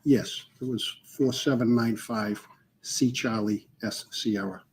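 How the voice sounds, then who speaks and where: A man's voice: mid-range voice, steady tone, slow pace. Terse Boston-accented man on the stand. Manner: brief, plain answers. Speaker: police witness testifying in court. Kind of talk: courtroom testimony.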